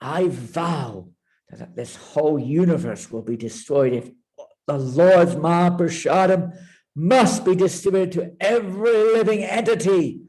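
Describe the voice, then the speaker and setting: A man voicing an enraged goddess, a divine wife demanding her share, in a raised, shrill voice during a spiritual class. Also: rough recording. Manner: shrill pleading turning to furious shouting.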